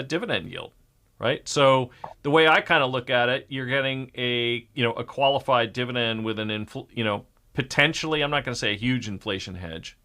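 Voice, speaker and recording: A man's voice: mid-range voice, pushed and bright, clear, resonant tone. A man hosting a casual market talk show, thinking aloud with frequent fillers and restarts. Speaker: show host.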